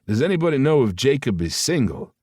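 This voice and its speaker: A man's voice: mid-range voice, sing-song, fairly quick, a little mellow, slightly rough, no room sound, pitched above the performer's own voice. A cheeky, smirking young man, as a male narrator puts him on speaks in a raised, teasing voice. His tone is bold and playful. The read is dry and close.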